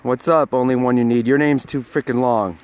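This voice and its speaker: A livestream host speaks with a steady, slightly mellow, clear and resonant mid-range voice at a moderate pace. Holding his phone as he walks a dog along a snowy street, he chats playfully and casually with viewers.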